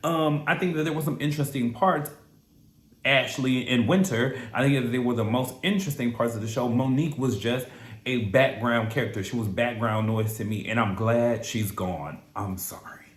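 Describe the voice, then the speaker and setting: Sassy, profane young man recapping TV. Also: medium pitch. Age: young adult. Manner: animated, profane and sassy, drawn-out words for emphasis. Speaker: reality TV recap host. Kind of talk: casual recap commentary. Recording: echoey room.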